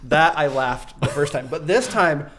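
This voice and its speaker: A man co-hosting a podcast, talking casually and animatedly about a film, quick to laugh. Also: fairly high pitch, expressive, fairly bright tone, slight background noise. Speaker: podcast co-host.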